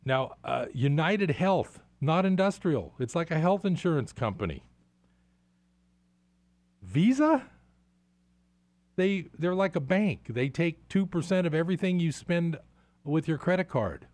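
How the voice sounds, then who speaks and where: A man's voice: a little high, animated, moderate pace, a little mellow, no echo. A man hosting a show, delivering sarcastic, exasperated commentary on the markets. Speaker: radio show host.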